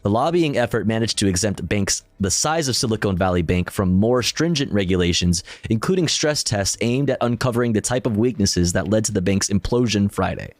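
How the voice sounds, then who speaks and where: A man's voice: fairly low pitch, animated, brisk, hardly any pauses, no echo, faint music behind. A male streamer casually reading news articles aloud and commenting, profane and self-deprecating, often stumbling over his words.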